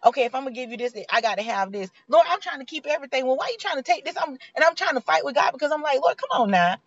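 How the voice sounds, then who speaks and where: A woman's voice: high-pitched, expressive, rapid-fire, no echo. Earnest woman with a lo-fi sound. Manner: heartfelt, preachy, conversational. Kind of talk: motivational faith talk. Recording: dull lo-fi sound.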